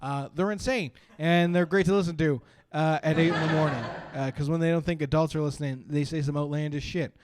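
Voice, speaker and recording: A man doing a stand-up set, rambling with lots of fillers and breaking into sudden loud bursts. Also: a little high, fairly even intonation, brisk, hardly any pauses, noisy background. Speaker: stand-up comedian.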